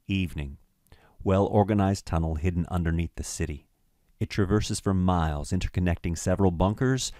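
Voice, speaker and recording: A man narrating a screenplay's stage directions in a measured, matter-of-fact way. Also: deep voice, a little mellow, no room sound, clean studio sound.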